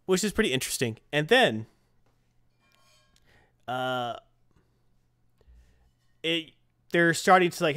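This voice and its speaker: A man's voice: medium pitch, smooth. A man hosting a casual chat, animatedly retelling a comic and acting out its lines. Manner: animated retelling, acts out dialogue in quick voices. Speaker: podcast host recapping a comic.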